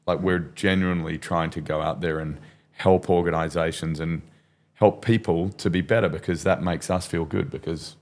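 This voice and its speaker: Deep-voiced guy hosting a podcast, laid back, bit hesitant. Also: steady tone, moderate pace, a little mellow. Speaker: podcast host. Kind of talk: casual podcast interview talk.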